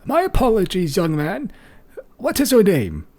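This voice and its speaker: A man's voice: sits high, wildly swooping pitch, a little slow, darkish tone, pitched above the performer's own voice, full character voice. Man putting on a grand, menacing old man. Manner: grand, ominous, theatrical.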